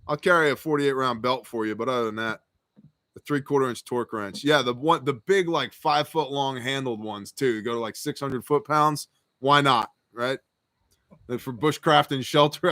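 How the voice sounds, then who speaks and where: A man's voice: medium pitch, fairly bright tone, no room sound. A man hosting a live stream Q&A, reading viewer questions aloud and answering them in a casual, joking, rambling way. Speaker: host.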